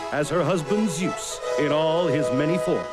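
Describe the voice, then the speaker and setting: A man's voice: a little high, moderate pace, lightly acted. An actor playing a grandiose male announcer reading out a parody soap trailer. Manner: grandiose, sweeping. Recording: loud music behind.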